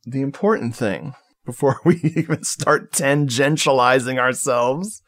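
A man's voice: mid-range voice, a little slow, fairly bright tone. A man hosting a podcast, chatting casually about movies in a loose, joking way with lots of fillers. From United States. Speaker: podcast host.

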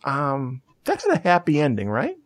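A man hosting a relaxed movie podcast, his voice sitting in a middle register. He recaps the plot in a loose, chatty way and breaks into laughter often. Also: medium pitch, normal speed. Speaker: podcast host. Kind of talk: casual movie review chat.

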